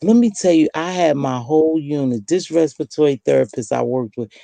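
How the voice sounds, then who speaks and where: Gravelly low-voiced older woman telling stories. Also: fairly quick, no echo. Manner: lively storyteller who acts out quoted voices. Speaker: host. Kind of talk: casual late-night chat.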